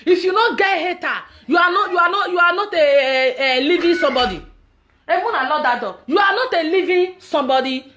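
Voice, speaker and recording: A high-voiced woman with a Nigerian accent speaking straight to her followers in an impassioned social media message. She is emphatic and repeats herself, often breaking into shouts and laughter between her words. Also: expressive, a little fast.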